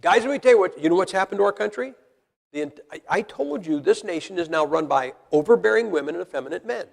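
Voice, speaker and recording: Gravelly man preaching in a hall. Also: high voice, animated, fast. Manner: blunt, folksy, rhetorical questions to the congregation. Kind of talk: sermon. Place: church hall with congregation. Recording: long reverb of a large hall.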